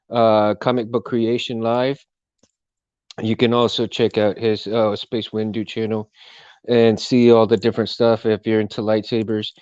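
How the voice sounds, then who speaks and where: A man hosting his own live stream, chatting casually with lots of fillers and restarts in a fairly monotone voice. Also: medium pitch, clear, resonant tone, no echo, highs cut off. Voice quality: self-described monotone. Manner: rambling, full of fillers and restarts.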